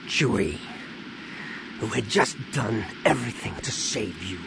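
A man voicing a gruff, grieving starship captain and father, speaking low, quiet and cold. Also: moderate pace. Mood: bitter. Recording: steady background noise.

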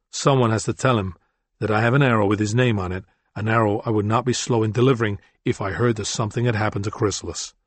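Deadpan, grim vigilante archer, as a man voices him. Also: fairly low pitch, no room sound, natural voice. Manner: flat, dead, menacing calm. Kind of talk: audiobook character voice.

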